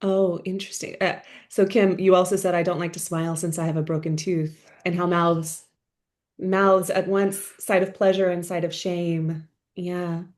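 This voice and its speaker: A woman's voice: fairly low pitch, level tone, normal speed, a little mellow. A woman from the United States leading a discussion workshop over a video call, thinking aloud in a musing way with hedging asides. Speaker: workshop facilitator.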